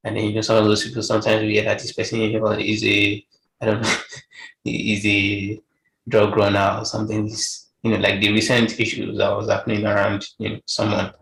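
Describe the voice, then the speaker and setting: A man with a Nigerian accent co-hosting a casual podcast discussion, speaking in a measured, conversational way with many fillers. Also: fairly low pitch, completely flat delivery, gravelly, fairly bright tone, slight background noise. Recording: roomy, echoey room.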